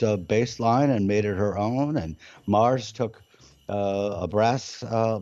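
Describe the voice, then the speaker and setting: An older man as a musician guest, telling a long, rambling story with many halting fillers. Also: fairly low pitch, warm tone, dry recording. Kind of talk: casual storytelling interview. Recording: dull, muffled lo-fi sound.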